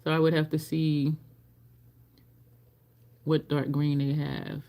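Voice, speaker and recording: A woman's voice: low voice, level tone, slow pace, vocal fry, mellow. A woman chatting casually on a makeup livestream, rambling and laughing at her own stories. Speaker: livestream beauty host. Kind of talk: casual livestream chat while doing makeup.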